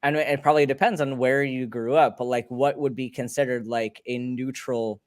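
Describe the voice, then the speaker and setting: A man from Colorado chatting on a call, thinking out loud and circling his point. His middle-pitched voice comes through close and dry. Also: fairly even intonation, normal speed, no room sound. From Colorado, USA. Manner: thinking aloud, many "like" fillers. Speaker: voice actor guest. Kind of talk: casual group chat.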